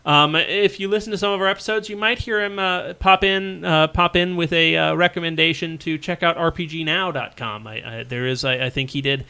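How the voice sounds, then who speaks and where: Bright-voiced man chatting loosely. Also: on the high side, fairly quick, creaky, few pauses, smooth. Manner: rambling, many fillers and restarts. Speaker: podcast co-host. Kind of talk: casual chat.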